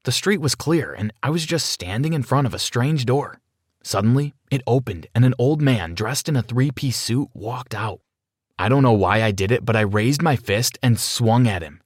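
A male narrator reading a dramatic first-person story with a lively, rolling melody in his voice. He sits at a middle pitch, and the recording is dry and close with no room sound. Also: moderate pace, slightly rough, dry recording.

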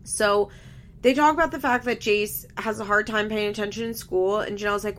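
Bright-voiced woman recapping casually. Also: medium pitch, fairly even intonation, normal speed, vocal fry. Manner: candid, swears casually, laughs often. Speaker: reality TV recap vlogger. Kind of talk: casual chat.

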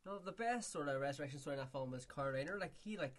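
A man co-hosting a casual film podcast, jumping in quickly and swearing. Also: fairly high pitch, lively intonation. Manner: quick, interrupting, profane. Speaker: podcast co-host.

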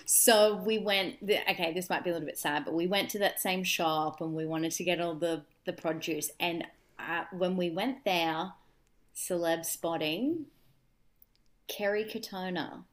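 A young woman chatting casually as a podcast co-host, telling animated stories with wry asides. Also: on the low side, unhurried. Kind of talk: casual chat.

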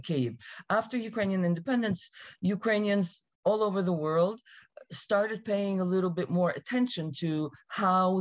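A woman speaking as a guest expert in an interview, explaining carefully and emphatically, with a slightly irate edge. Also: low voice. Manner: emphatic, precise about pronunciation, slightly irate.

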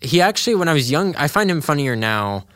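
A man's voice: a little high, very animated, a little fast, a bit bright, no echo. Young man in a dry, casual cartoon chat. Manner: rambling, laughs often, lots of fillers. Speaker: podcast co-host.

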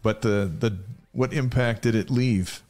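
A man's voice: mid-range voice, unhurried, soft background music. A man co-hosting a studio talk show, prompting the guest with questions. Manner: prompting questions, steady delivery. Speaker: co-host. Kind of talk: casual studio conversation.

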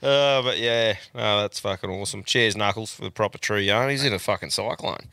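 Laid-back podcast host, bright voice. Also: male voice, lowish voice, brisk, vocal fry, no room sound, studio quality. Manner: laid-back, laughs often, swears freely. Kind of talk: casual chat.

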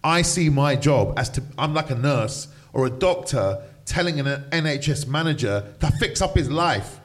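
A man's voice: on the high side, expressive, moderate pace. A middle-aged man, a broadcaster and DJ, speaking passionately in a conversational interview, acting out other people's voices when he quotes them. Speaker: radio DJ and broadcaster, interview guest.

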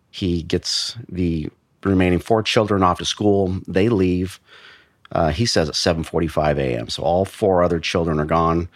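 A man, a former investigator, recounting a death case in a measured, blunt way with frequent restarts. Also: low-pitched, no echo, studio quality. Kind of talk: true crime storytelling.

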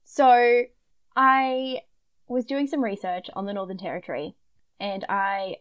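A young woman with a Queensland Australian accent, co-hosting a podcast in casual, enthusiastic chat that sinks to a quieter murmur when she tells a story. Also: fairly even intonation, unhurried. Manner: chatty, enthusiastic, drops to a low murmur when telling stories. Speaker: podcast co-host.

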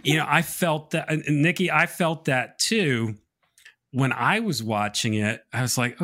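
A man's voice: on the high side, measured pace, pushed and bright. A man co-hosting a live stream, reading out viewer comments and reflecting earnestly on faith in casual chat. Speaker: co-host of a faith reaction stream.

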